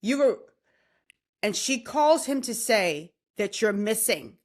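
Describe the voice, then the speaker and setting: A woman's voice: a little high, sing-song, slow pace. A woman hosting an interview, listening closely, recapping what she hears and asking follow-up questions. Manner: attentive, summarizes and asks follow-up questions. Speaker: podcast host. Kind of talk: interviewing, casual.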